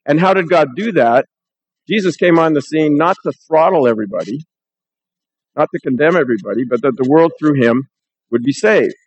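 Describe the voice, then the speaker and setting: A man's voice: on the high side, expressive, brisk, husky, dull audio. A man pastor preaching a sermon in a church, talking conversationally and reading scripture aloud.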